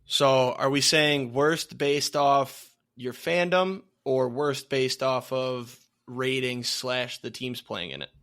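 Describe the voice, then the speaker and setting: A man co-hosts a sports podcast with a relaxed, teasing manner. His voice sits at an ordinary middle pitch, and he keeps things easygoing as he talks. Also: slow pace, hardly any pauses. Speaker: podcast co-host. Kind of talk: casual sports chat.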